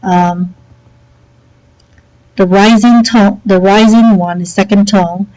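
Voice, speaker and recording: A woman's voice: mid-range voice, slow, poor audio. Woman teacher on a headset doing a screen tutorial, easygoing, keeps saying okay. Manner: relaxed and chatty, many okays and fillers. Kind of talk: screen-recorded software tutorial.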